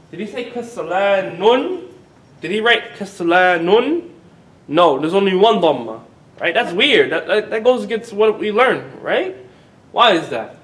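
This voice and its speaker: A man teaching an Arabic grammar class, asking the students questions, having them repeat words and drawing words out slowly to model them. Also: fairly bright tone, distant mic. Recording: echoey classroom recording with faint rumble.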